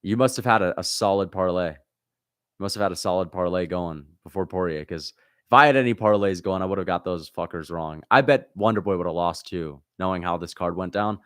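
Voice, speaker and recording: A man hosts a casual livestream, reading out viewer comments and venting about getting things wrong. His voice sits fairly low and sounds close and dry, with no room around it. He curses freely and lurches between sharp outbursts and grumbling under his breath. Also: fairly quick, clean tone, no room sound. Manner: frustrated, swears a lot, swings between loud outbursts and low muttering. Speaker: livestream host reacting to fights.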